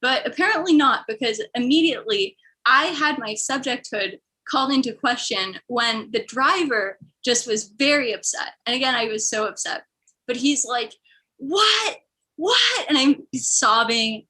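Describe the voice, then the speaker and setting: A woman's voice: fairly high pitch, normal speed, bright, forceful tone, poor audio. A young woman from the American Midwest telling a rambling, self-deprecating stand-up story. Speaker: comedian.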